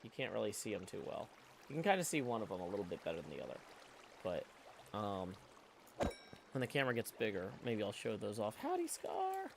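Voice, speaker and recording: A man's voice: fairly low pitch, sing-song, a little fast, gravelly, pauses often, background noise. A middle-aged man, chatting casually on a live stream from his home studio, reading chat aloud and humming to himself. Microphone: studio XLR mic.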